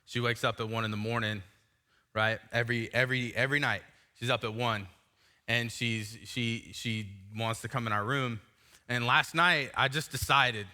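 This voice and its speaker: Pastor, thirties, male, very bright tone, loose self-mocking sermon delivery in a church. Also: medium pitch, fairly even intonation, normal speed. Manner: casual and self-mocking storytelling. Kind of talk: sermon with personal story. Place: church sanctuary.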